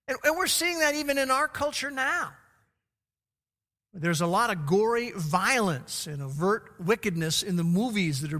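A middle-aged man preaching a sermon, his voice swelling on quoted scripture and dropping low on grim facts. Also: pushed and bright. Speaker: pastor. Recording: long hall reverb.

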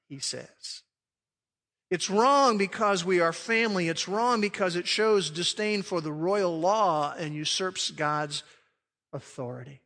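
A man preaching a sermon as pastor, emphatic, swelling loud and then dropping to a quiet hush. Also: sits high, unhurried, long reverb tail.

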